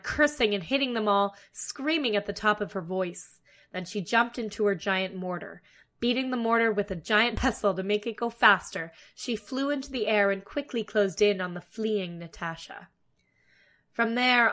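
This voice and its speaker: A woman narrating a fairy tale aloud, expressive and dramatic. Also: medium pitch. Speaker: storyteller. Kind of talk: storybook narration.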